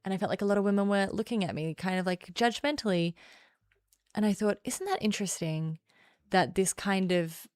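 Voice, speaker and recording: A young adult woman streaming casual chat, playful and sing-songy, sometimes dropping into a lower, serious tone. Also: brisk, darkish tone, clear, resonant tone, dry recording, clean studio sound. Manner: sing-songy, chatty, shifts between playful and low serious tone.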